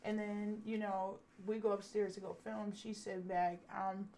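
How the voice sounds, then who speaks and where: A woman's voice: medium pitch, little pitch movement, a little slow, dark tone, slight background noise. Candid, profane woman telling a story. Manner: candid, profane, acts out quotes. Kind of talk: casual storytime.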